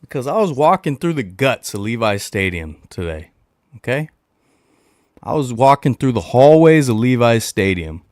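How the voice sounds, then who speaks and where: Animated man hosting a livestream. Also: medium pitch, moderate pace, no echo, studio quality. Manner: animated, talks about himself in the third person; playful, blows kisses into the mic. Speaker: livestream host. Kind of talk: casual livestream chat.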